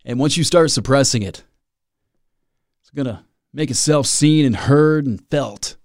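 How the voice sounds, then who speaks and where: A man's voice: medium pitch, a little slow, dry recording, clean studio sound. A man hosting a solo podcast, rambling and self-mocking with dramatic asides. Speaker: podcast host.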